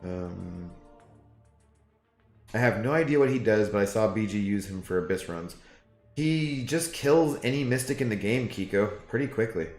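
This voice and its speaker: A man's voice: lowish voice, expressive, moderate pace. A man streaming a game, chatting casually to his viewers in a rambling way with frequent fillers. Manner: rambling, talks to chat with fillers. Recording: echoey room, faint music.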